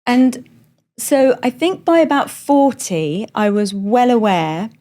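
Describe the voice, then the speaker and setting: Middle-aged woman, middle-class English accent, comedian guest, animated and self-mocking, quick asides. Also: on the high side. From London, England. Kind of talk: candid conversational storytelling.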